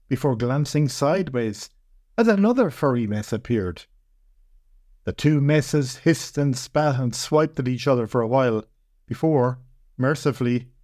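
Man narrating a first-person fantasy tale, measured and reflective, slightly high voice. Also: darkish tone, dry recording, studio quality. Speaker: podcast narrator.

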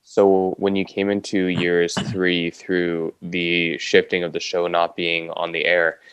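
A male podcast host with a very deep, low voice asks long questions at an unhurried pace. He backs the guest up with short affirmations. The recording is dry and close. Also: monotone, a bit bright, clear, resonant tone, no room sound, highs cut off. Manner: slow, searching questions with brief affirmations. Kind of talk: interview questions.

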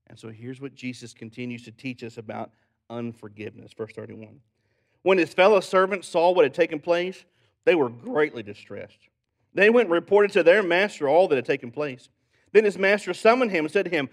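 A male pastor preaching a sermon, telling stories with animated delivery and joking asides. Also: fairly high pitch, a little fast. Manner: animated storytelling, jokey asides.

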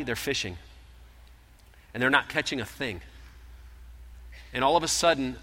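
A man preaching a sermon, retelling scripture in animated storytelling style and acting out the voices. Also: medium pitch. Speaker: pastor. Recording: long hall reverb.

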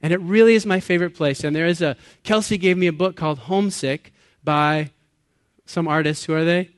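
A man's voice: fairly high pitch, brisk, smooth. A man in his late thirties preaches to a gathered congregation in a slightly raised voice. He talks in an earnest, chatty way, laughs at himself, and quizzes the crowd. The sound is close and dry, with little room echo. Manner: conversational and earnest, laughs at himself, asks the audience questions. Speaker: pastor. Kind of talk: sermon. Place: church or meeting hall with an audience.

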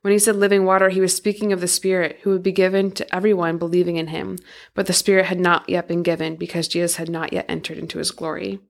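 A woman who co-hosts a podcast, reading scripture aloud in steady, measured narration. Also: fairly low pitch, vocal fry. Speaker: podcast co-host.

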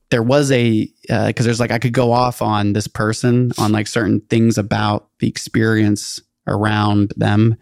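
A man's voice: on the low side, vocal fry, no room sound, clean studio sound. A man co-hosting a podcast, telling a story in casual, rambling chat, full of fillers and acted-out quotes. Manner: rambling, filler-heavy, acts out quoted voices. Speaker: podcast co-host.

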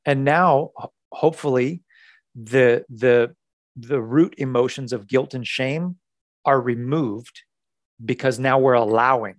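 Animated man coaching, dry close sound. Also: mid-range voice, slow, no room sound. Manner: animated, acts out dialogue, repeats words for emphasis. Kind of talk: casual podcast conversation.

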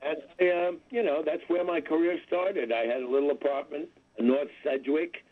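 Calling into an interview by telephone, a comedian in his seventies talks in a fairly high voice with a steady tone at normal speed. His manner is dry-humored and rambling, full of self-mocking asides, and the line comes through tinny.

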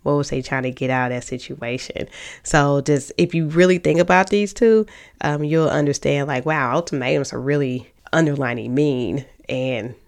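Smooth-voiced woman giving chatty advice. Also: sits low, normal speed. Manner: chatty, uses "like" and "um" often, acts out example lines. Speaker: podcast host. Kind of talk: casual relationship-advice talk.

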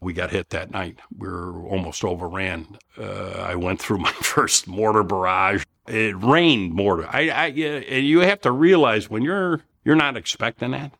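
A man's voice: lowish voice, a little slow, gravelly, few pauses, fairly bright tone. A man in his seventies from the area, telling war stories in a blunt, profane, rambling way. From Elmhurst, Illinois. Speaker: guest, Vietnam veteran. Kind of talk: casual storytelling.

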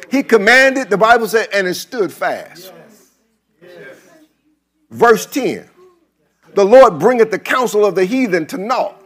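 A male pastor preaching a sermon, repeating phrases and building into chanted, shouted lines. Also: high-pitched.

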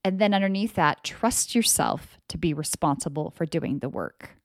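An expressive woman with a low voice and moderate pace motivates listeners on her solo podcast as an energy coach, swearing freely and emphatically and breaking into loud mocking voices. The recording is dry and studio quality.

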